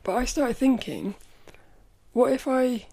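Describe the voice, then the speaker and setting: A woman's voice: on the high side, expressive, slow, gravelly, mellow, breathy edge. A woman hosting her own podcast in casual solo chat, rambling and stopping to restart her sentences. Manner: rambling, stop-start, self-correcting. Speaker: podcast host.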